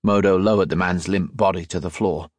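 A man narrating an audiobook in a steady, measured storytelling manner. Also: low-pitched, no echo. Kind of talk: scripted narration.

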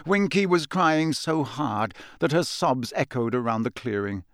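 Reading a scripted audiobook, a man tells the story at a measured pace with plenty of expression. His voice is medium in pitch, and the studio-quality recording has no echo.

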